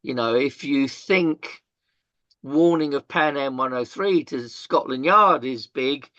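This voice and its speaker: Older man, halting and dry. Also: mid-range voice, bright, forceful tone, no echo, muffled recording. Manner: halting, many fillers and restarts, casual swearing. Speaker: interview guest. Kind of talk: candid storytelling in conversation.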